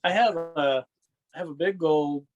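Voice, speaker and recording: Heard through a muffled recording, this man's voice is a little high and his pace a little slow. He's a wrestling fan guesting on a podcast, rambling through stories conversationally, laughing often and frequently saying "you know what I mean."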